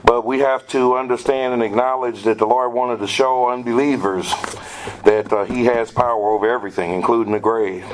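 A man's voice: mid-range voice, steady tone, brisk, a little hiss or hum, low-quality recording. Man leading a Bible study. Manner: explains scripture, quotes verses, asks the group questions.

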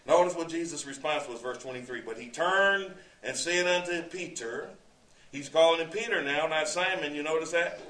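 A man's voice: fairly high pitch, moderate pace, sharp tone. A male preacher teaching a sermon verse by verse, conversational, quoting scripture and asking rhetorical questions. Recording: echoey room, distant mic.

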